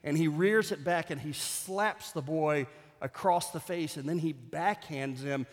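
Brief: male pastor, somewhat high voice, vivid sermon storytelling, long hall reverb. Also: unhurried. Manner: storytelling, building to an emotional peak.

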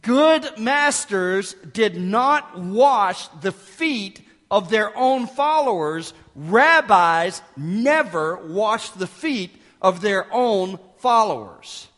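High-voiced preacher in an echoing hall. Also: male voice, lively intonation, extremely slow, hardly any pauses. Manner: emphatic, swings from loud to hushed asides. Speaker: pastor. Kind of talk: sermon.

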